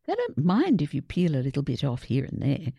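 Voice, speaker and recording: A woman voicing a gentle, wise old grandmother who speaks kindly and encouragingly. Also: sits low, wildly swooping pitch, brisk, creaky, breathy edge, no room sound, clean studio sound, exaggerated voice.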